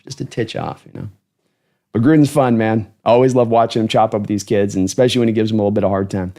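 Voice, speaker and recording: A man's voice: on the low side, fast, gravelly, mellow. A man hosting a football fan livestream, talking casually and rambling as he runs through his rankings and thanks viewers for donations. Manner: rambling, chatty, thanking donors.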